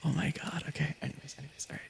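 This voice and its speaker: Young guy whispering asmr on stream, gravelly little voice, keeps giggling and stopping himself. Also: on the high side, level tone, racing.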